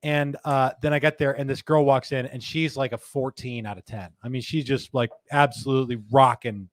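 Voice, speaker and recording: A man's voice: mid-range voice, steady tone, fairly quick, dry recording. A middle-aged man hosting a live podcast, chatting casually, laughing often and reading viewer comments aloud. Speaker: podcast host. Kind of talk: casual live-show chat.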